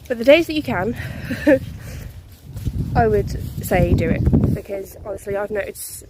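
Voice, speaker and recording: A woman's voice: medium pitch, expressive, unhurried, noisy background. Breathless young woman vlogging outdoors. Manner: chatty, laughs often, talks to her dog. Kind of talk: casual vlog chat while walking. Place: muddy forest outdoors.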